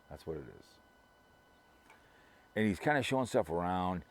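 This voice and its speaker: A man's voice: deep voice, animated, normal speed, long pauses. A middle-aged man from Minnesota talking to his viewers in a rambling, gossipy way, full of restarts and repeated words. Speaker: vlogger. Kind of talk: casual rambling monologue.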